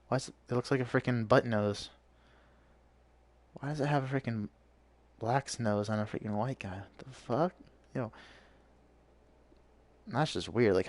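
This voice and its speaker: A man's voice: fairly low pitch, no room sound. Man ranting profanely over gameplay. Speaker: streamer. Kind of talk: live gameplay commentary.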